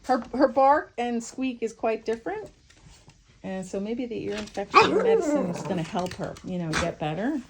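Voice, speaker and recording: A young woman talks a pet sitter through her dog's care in a home kitchen, rambling and friendly with plenty of fillers. Her voice is fairly high and bounces up and down a lot. Kitchen clatter and running water are clearly heard behind her on this home video. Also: very animated, moderate pace, heavy background noise. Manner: chatty, rambling, lots of fillers and restarts. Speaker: dog owner giving pet-sitter instructions. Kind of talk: casual home video walkthrough.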